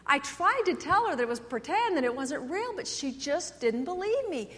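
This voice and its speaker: Earnest, insistent teenager, voiced by a woman preacher; high voice, long reverb. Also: big pitch swings, normal speed, a bit bright. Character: earnest teenager explaining himself. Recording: echoey church hall.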